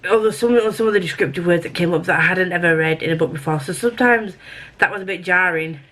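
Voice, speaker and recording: A woman's voice: fairly low pitch, quick pace, fairly bright tone, rough recording. A British woman chatting casually in a book review vlog, rambling and self-deprecating, often restarting her sentences.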